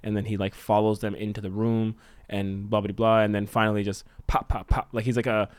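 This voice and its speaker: A male podcast co-host pitches a story idea in loose, rambling sentences peppered with swearing and laughter. His voice sits a bit low. The sound is dry and close. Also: little pitch movement, a little fast, dry recording. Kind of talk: casual brainstorming chat.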